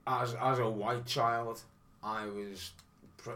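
A man's voice: medium pitch, steady tone, slow pace, sharp tone. Man with a mild Liverpool accent. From Liverpool, England. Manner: hesitant, lots of ums, earnest. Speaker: podcast co-host. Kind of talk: casual film review chat.

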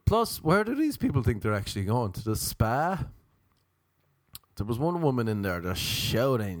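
Crude, animated man telling stories. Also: moderate pace, no room sound. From Ireland. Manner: crude, animated storytelling with big jumps in pitch. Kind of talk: comedic monologue.

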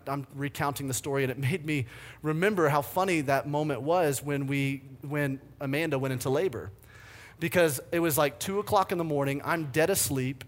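A man in his thirties preaching a sermon, energetic and fired up, telling stories with big swings in his voice. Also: fairly high pitch. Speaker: pastor.

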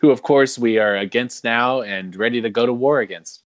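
A man's voice: mid-range voice, normal speed. A man co-hosting a casual chat, joking and laughing easily, often poking fun at himself. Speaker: podcast co-host.

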